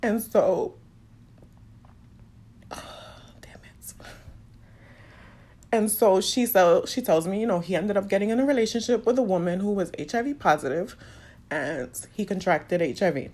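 A woman's voice: medium pitch, lively intonation, brisk, darkish tone. A woman openly telling a personal story, emotional and fighting back tears. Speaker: podcast host sharing a personal story.

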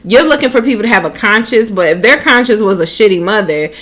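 An American woman in a relaxed co-hosted chat, telling a story. She talks in an easygoing, slangy way, with lots of "like" and casual swearing. Her voice sits at an ordinary middle pitch. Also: fast talker. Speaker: podcast co-host.

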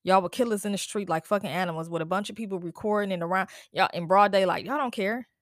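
Speaking quickly at medium pitch, a woman who hosts a podcast and has kids rants alone in angry exasperation. Tired and distressed, she swears and keeps repeating her questions, captured in a dry, clean studio recording.

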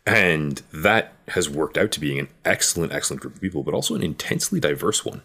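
A man's voice: a bass voice, expressive, a little fast, gravelly, pushed and bright, slightly rough. A man in casual conversation, rambling thoughtfully with many "um" and "you know" fillers. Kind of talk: casual chat.

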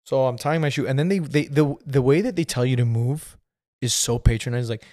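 In a brisk, mid-range voice with a darkish tone, a man in his thirties hosts a podcast and tells a rambling story, filling it with fillers and laughing as he goes. The recording is dry and studio quality.

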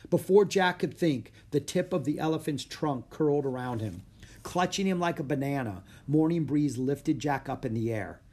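A man reading a children's adventure book aloud, measured and slowing for suspense. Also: a little high, darkish tone, breathy edge. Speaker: audiobook reader. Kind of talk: scripted narration.

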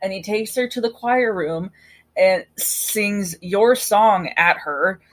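A woman with a mid-range voice speaks slowly as co-host of a casual podcast. Recapping a TV episode, she tells it in an animated way and performs the characters' lines.

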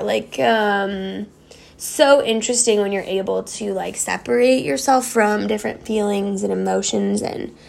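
A woman's voice: mid-range voice, vocal fry. A young woman in a casual, reflective monologue, rambling with lots of filler words. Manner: rambling, heavy use of "like" fillers.

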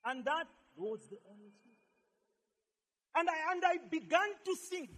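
Emphatic high-voiced pastor in a hall. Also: male voice, expressive, unhurried, long pauses. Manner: emphatic, repeats lines, swings from shouting to quiet. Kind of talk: sermon.

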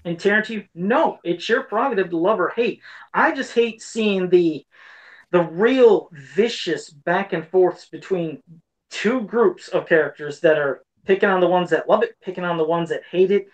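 A man's voice: sits high, normal speed, rough recording. A man co-hosting a casual podcast chat, talking in an earnest, rambling way that circles back on itself. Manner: rambling, earnest, repeats himself. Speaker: podcast co-host.

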